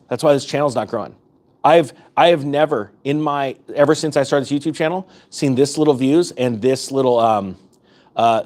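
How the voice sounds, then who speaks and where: A man's voice: medium pitch, a little mellow. A man giving urgent, fired-up finance commentary to camera as a YouTube host, repeating points for emphasis. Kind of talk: impassioned direct-to-camera commentary.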